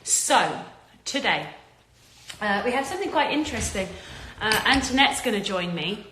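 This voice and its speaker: Woman host, slightly breathless, bright high voice, phone livestream in an echoey room. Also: big pitch swings, moderate pace. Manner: warm, chatty, calls viewers darling. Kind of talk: casual live chat.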